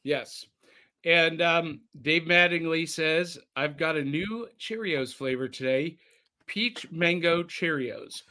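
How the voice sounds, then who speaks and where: A man's voice: a little high, slow pace, sharp tone. A man hosting a podcast, chatting casually and reading listener comments aloud in a jokey way over a remote call. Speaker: podcast host.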